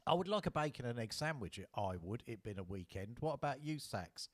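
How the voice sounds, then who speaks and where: A man's voice: medium pitch, lively intonation, a little fast, no room sound, lightly acted. A man doing a chirpy kid brother. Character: boy asking his brother, cheerful.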